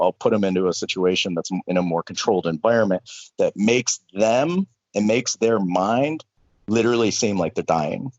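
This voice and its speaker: A man with a fairly low voice talks earnestly as a life coach in a relaxed conversation. He often repeats words as he works up to a point. The sound is dry and a little dull. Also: dry recording. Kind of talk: casual conversation.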